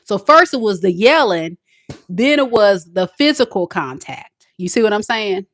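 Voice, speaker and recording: A woman hosting a tarot livestream who gives casual advice, swinging from loud dramatic outbursts to calm, low talk. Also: moderate pace, no room sound, studio quality.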